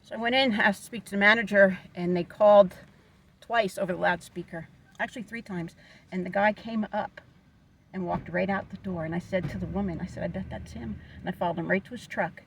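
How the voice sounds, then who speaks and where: A woman's voice: medium pitch, steady tone, a little fast, vocal fry, slight background noise, poor audio. A woman vlogger telling a story in a casual, upset, rambling way, venting about what happened to her dog.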